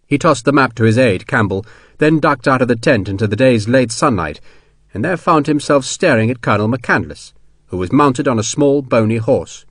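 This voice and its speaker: A man giving measured, expressive narration of an audiobook. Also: mid-range voice, no room sound. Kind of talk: scripted narration. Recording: dry studio recording.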